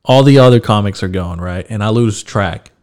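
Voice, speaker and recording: A man's voice: lowish voice, normal speed, darkish tone. A young man hosting a podcast, telling a story in a casual, laid-back way. He swears freely and laughs as he talks. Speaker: podcast host.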